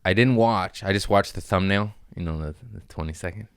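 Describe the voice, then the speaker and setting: A deep-voiced man in his thirties hosts a casual podcast, hopping from one topic to the next and acting out bits of dialogue. His low voice sits close to a dry mic with no room sound around it. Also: fairly quick, smooth, no room sound. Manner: jumps between topics, acts out voices. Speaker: podcast host, comedian. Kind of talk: casual rambling chat.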